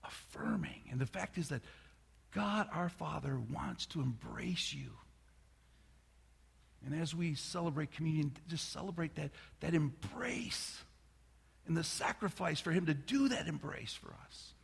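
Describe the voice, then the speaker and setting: A middle-aged man preaching a sermon as a pastor, telling a family story in a loose conversational way with restarts, sometimes dropping to a soft near-whisper. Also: a little high, lively intonation, a little slow, gravelly, slightly rough. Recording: long reverb of a large hall.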